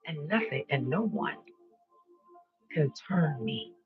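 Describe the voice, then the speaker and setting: A man's voice: a little high, expressive, slow pace, phone-quality sound, faint music behind. A man hosting a live stream, giving an emphatic spiritual monologue and repeating his declarations, with casual swearing.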